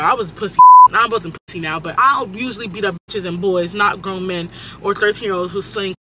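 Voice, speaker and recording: Young male vlogger, high and very bright voice, swears freely and hops between stories while sitting in a car. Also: slight background noise, rough recording. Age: young adult. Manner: animated, profane, jumps between topics. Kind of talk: casual storytime while driving. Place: inside a car.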